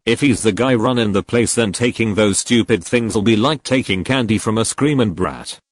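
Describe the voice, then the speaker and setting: Guy putting on a cackling thief, greedy and mocking, pretty low, storybook. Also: moderate pace, husky, dry recording. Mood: gloating.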